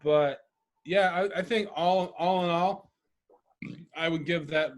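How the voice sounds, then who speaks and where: A man's voice: fairly high pitch, steady tone, slow pace. Rambling, profane man co-hosting a podcast. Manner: rambling, loose and profane, laughs often. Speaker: podcast co-host. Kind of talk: casual chat.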